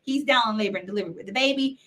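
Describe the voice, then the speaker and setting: A woman's voice: medium pitch, rapid-fire, pushed and bright. A woman guest on a podcast, recounting a personal story in earnest detail and acting out what others said. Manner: earnest storytelling, acts out quoted voices.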